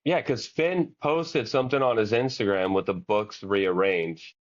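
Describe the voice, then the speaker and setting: A man's voice: fairly low pitch, unhurried. A man co-hosting a podcast in casual chat, laid-back and agreeable, mostly giving short replies. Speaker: podcast co-host. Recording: dull lo-fi audio.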